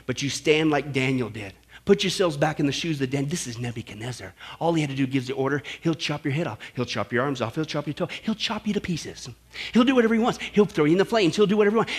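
A male pastor preaching a fiery sermon, swinging from loud declarations to low, quiet warnings. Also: slightly rough. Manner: impassioned, rises to shouting then drops low.

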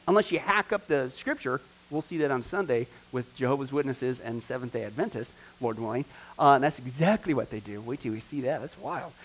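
A middle-aged man, a pastor, teaching a discipleship class in a lively, conversational way and asking the class questions. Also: medium pitch, brisk.

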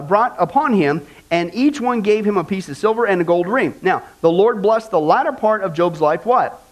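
A man with a high-pitched voice leads a lively Bible lesson. He talks in a casual, joking way and builds to energetic, exhorting bursts. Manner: animated, jokey, conversational preaching. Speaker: Bible study teacher.

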